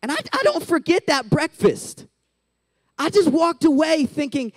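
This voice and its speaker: A man's voice: very high-pitched, animated, measured pace, no room sound. A man in his thirties giving a casual, chatty sermon as a youth pastor, full of "like" and "right?", on a close mic.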